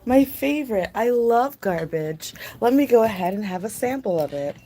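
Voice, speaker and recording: A woman's voice: fairly high pitch, animated, moderate pace, mellow, pitched above the performer's own voice. A woman voicing a polite, greedy dog who craves garbage, in an eager sing-song.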